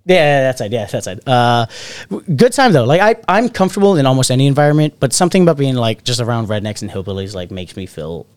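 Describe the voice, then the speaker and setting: A man's voice: medium pitch, fast, smooth, no echo. A man telling long party stories in casual chat, swearing freely and acting out quotes. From Alabama family roots. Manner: profane, animated anecdote-telling with acted quotes. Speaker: podcast host.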